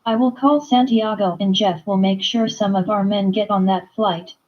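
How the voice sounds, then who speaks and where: A woman's voice: mid-range voice, steady tone, normal speed, muffled recording, lightly acted. A woman reading the lines of a brusque, protective male leader who gives curt orders. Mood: commanding. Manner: curt, commanding, profane.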